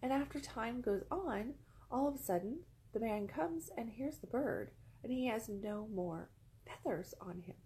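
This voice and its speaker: A woman talks to camera in a loose, rambling storytelling style, circling back and repeating words for weight. Her voice carries a gravelly fry, and a faint hiss sits underneath. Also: a little high, expressive, a little slow, warm tone, rough recording. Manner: rambling, repeats phrases for emphasis. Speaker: vlogger. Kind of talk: casual storytelling monologue. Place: indoors among pillows.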